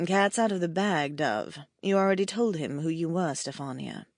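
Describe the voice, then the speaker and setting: A woman's voice: lowish voice, animated, normal speed, dry recording. A woman voicing a stern, proper ghostly male mentor who chides dryly and formally. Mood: chiding. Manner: chiding, dry formal tone.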